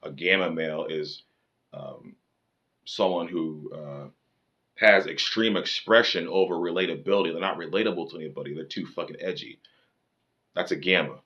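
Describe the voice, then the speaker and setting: A man's voice: low-pitched, normal speed, pushed and bright, lo-fi sound. A man giving dating advice in a blunt, profane, lecturing rant to camera.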